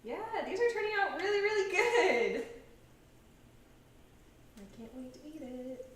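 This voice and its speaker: A woman's voice: high voice, sing-song, measured pace. Chatty woman in an echoey kitchen. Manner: chatty, giggly, rambling. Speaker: cooking show host. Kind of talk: casual chat while cooking. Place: home kitchen. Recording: echoey kitchen, mic far off.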